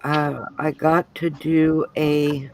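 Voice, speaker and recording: Woman from Georgia, craft-stream co-host reading the chat: unhurried, laid-back delivery. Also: low-pitched, background noise. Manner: relaxed, reads out comments. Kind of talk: reading viewer comments aloud.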